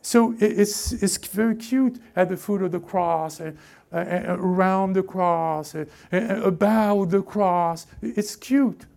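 Gravelly, dark-voiced fervent preacher man. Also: high voice, slow pace. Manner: fervent, with sudden swings between loud urging and hushed asides; repetitive, call-and-response preaching. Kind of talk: sermon.

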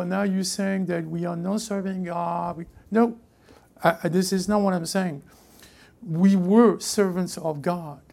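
Gravelly French-accented man preaching. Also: on the high side. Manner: emphatic, repeats key phrases, drops to hushed asides. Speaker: pastor. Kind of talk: sermon.

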